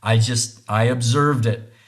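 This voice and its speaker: A man hosting a podcast talks through relationships in an earnest, reflective monologue, often restarting phrases and checking in with "right?". His medium-pitched voice is unhurried, with fairly even intonation.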